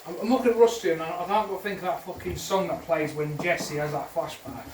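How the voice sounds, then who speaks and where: A high-voiced young man swears and jokes his way through a kitchen chat. He sits some way from the mic, and the room rings around him over a steady hum of noise. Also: brisk. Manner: crude, swearing, joking. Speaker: co-host. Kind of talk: casual chat while cooking. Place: home kitchen. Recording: echoey kitchen, distant mic, noisy.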